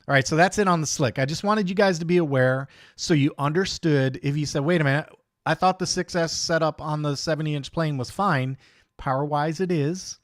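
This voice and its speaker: A man's voice: medium pitch, no echo, clean studio sound. A man hosting a live radio-control hobby stream, chatting casually and greeting viewers one by one in an upbeat way. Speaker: host of a live RC hobby show. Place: home studio desk.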